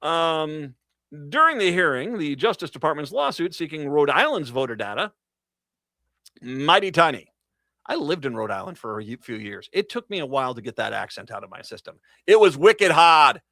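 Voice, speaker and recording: A man's voice: on the high side, very animated, normal speed, vocal fry, pushed and bright, dry recording. A man hosting a political talk radio show, reading news stories and breaking into sarcastic, mocking asides with laughs.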